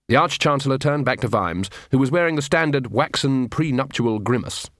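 Dry, measured male audiobook narrator. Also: medium pitch, expressive, a bit bright, dry recording. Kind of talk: scripted narration.

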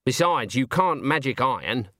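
A man's voice: mid-range voice, very animated, moderate pace, a bit bright, no echo, studio quality. A man voicing a stern, haughty old woman witch who speaks in a curt, clipped, disdainful way. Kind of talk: audiobook character voice.

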